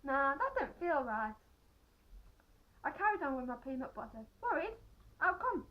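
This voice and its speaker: A woman's voice: high voice, very animated, moderate pace, muffled recording. A woman reading a children's novel aloud, often breaking off to add playful, joking comments. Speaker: reader.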